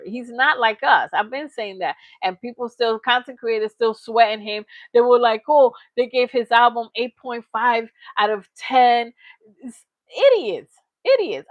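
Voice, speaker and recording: A woman hosting a reaction channel, giving blunt, animated commentary and reading her live chat, laughing often. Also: a little high, no echo. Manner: animated, blunt, laughs often, lots of "you know what I'm saying".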